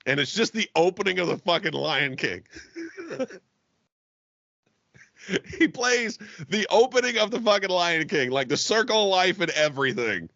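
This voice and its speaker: Lively, profane man on a podcast. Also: on the high side, normal speed, vocal fry, dry recording, highs cut off. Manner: animated, profane, laughs often. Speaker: podcast co-host. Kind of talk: casual chat.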